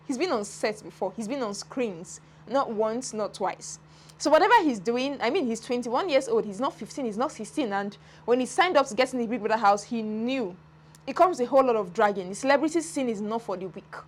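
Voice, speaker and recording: A woman giving casual, animated commentary on a reality show, laughing often and acting out the people she talks about. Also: on the high side. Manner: animated, laughing, dramatic retellings. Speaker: entertainment commentator.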